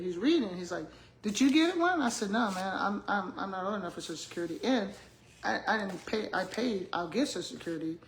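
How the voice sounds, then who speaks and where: Calling her viewers y'all, an older woman who is a retired school principal turned vlogger tells animated stories and laughs often in casual chat. Her medium-pitched voice is creaky, with slight background noise.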